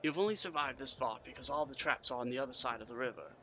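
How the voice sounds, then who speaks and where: A man's voice: medium pitch, sharp tone. A man voicing a formal, menacing male assassin in a fantasy gamebook reading. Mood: measured. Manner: measured, formal.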